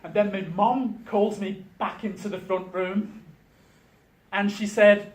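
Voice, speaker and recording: A man's voice: high voice, lively intonation, unhurried. Man telling stories in an echoey room. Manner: conversational storytelling with dry humour. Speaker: union official, guest speaker. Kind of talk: speech at a meeting. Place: meeting room.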